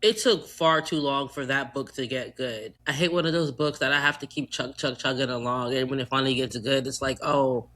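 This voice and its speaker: A Trinidadian American woman co-hosting a podcast in casual chat, animated and joking, swearing freely. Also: extremely low pitch, brisk, few pauses. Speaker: podcast co-host.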